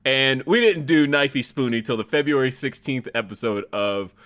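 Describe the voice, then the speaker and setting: A man's voice: mid-range voice, moderate pace. A man hosting a podcast, telling stories in a casual chat with lots of animation and laughter. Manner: animated storytelling with frequent laughter. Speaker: podcast host.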